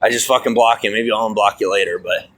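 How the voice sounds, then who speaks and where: A stressed, fired-up man venting on a livestream, swearing often and swinging from loud outbursts to low mutters. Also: steady tone, quick pace, slight background noise. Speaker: livestream host. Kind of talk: angry livestream rant. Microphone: phone.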